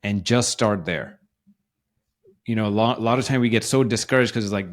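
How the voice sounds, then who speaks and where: A man's voice: on the low side, moderate pace. A man co-hosting a podcast who works as a coach, giving encouraging, motivational advice in a casual conversation. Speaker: podcast co-host and life coach.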